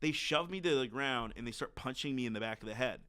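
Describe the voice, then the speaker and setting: Bright-voiced man telling a story. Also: medium pitch, fast, smooth. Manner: animated, acts out quotes. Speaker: podcast guest. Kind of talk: casual storytelling.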